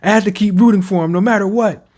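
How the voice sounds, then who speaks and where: Brief: young adult man, manga reaction commentator, animated slangy delivery, slightly high-pitched. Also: fast. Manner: animated, reads panels aloud with slang and laughs.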